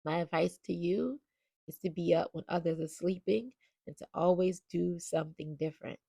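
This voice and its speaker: A woman's voice: lowish voice, normal speed, vocal fry, warm tone, husky, dry recording. A woman talking in a casual, confessional vlog as a motivational speaker and mom coach, earnest and emotional, rambling with many fillers.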